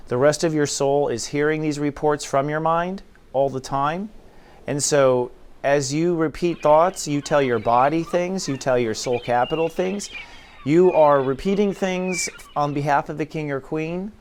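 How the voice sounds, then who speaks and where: A man's voice: fairly high pitch, measured pace, clean tone. A man acting as spiritual teacher, talking casually and acting out inner dialogues in quoted voices. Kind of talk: casual spiritual talk to camera.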